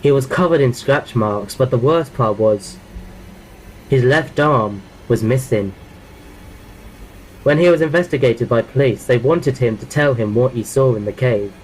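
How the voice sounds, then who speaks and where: A man of ordinary pitch narrates a horror story in the first person. He reads plainly, tripping over words and repeating phrases as he goes. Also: measured pace, darkish tone, slight background noise, poor audio. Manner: plain reading with frequent restarts.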